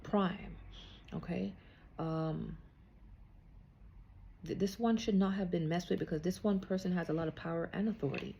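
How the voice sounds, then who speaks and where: A woman's voice: on the low side, moderate pace, gravelly, pauses often, dark tone, highs cut off, slight background noise. A woman giving a casual spiritual card reading, chatty and checking in with "okay?" after nearly every thought. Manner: chatty, repeats "okay?" often. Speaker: psychic card reader.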